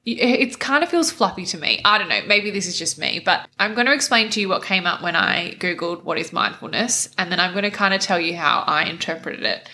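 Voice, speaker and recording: A woman's voice: on the low side, fairly quick, few pauses, bright, forceful tone, a little hiss or hum. A young woman hosting a casual solo podcast, sounding nasal after recent nose surgery and chatting with lots of "like" and "kind of". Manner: chatty, uses many fillers like "like" and "kind of". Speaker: podcast host.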